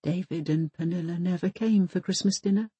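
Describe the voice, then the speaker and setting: A woman's voice: lowish voice, brisk, mellow, husky, no room sound. A woman reading an audiobook voices a prim, fussy older wife who speaks in precise, insistent, formal phrases. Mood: hurt.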